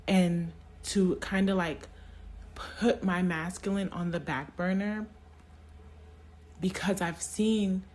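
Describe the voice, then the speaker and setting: A woman speaking in an emotional, halting personal monologue, tearing up and restarting her sentences often. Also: fairly low pitch, a little mellow. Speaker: spiritual vlogger.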